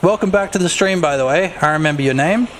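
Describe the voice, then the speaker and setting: Male indie dev streamer, slightly high voice, excitable and profane, loose rambling chat. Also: fast, a little hiss or hum. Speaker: game developer streaming. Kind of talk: casual livestream chat.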